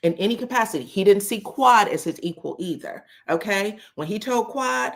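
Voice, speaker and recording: A woman's voice: medium pitch, lively intonation, normal speed, creaky, hardly any pauses. A woman recapping a reality show in casual talk, sassy and emphatic, swearing freely and acting out what the cast said. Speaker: reality TV commentator.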